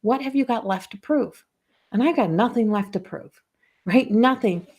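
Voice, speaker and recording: A woman's voice: on the high side, moderate pace, darkish tone, breathy edge. A woman spiritual coach giving a casual live-stream talk, telling personal stories in a rambling way with frequent restarts.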